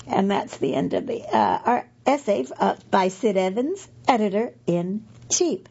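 A woman's voice: medium pitch, animated, unhurried, creaky, dark tone, breathy edge, dull audio. A middle-aged woman reading magazine pieces aloud for a podcast, chatty and correcting herself with asides.

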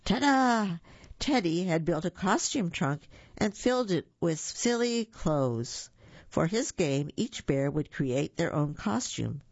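A storyteller reading a children's picture book aloud with animated warmth, stumbling over a word now and then. The voice carries a gravelly texture. The sound is dry and somewhat dull. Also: medium pitch, slow, no room sound. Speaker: storybook reader.

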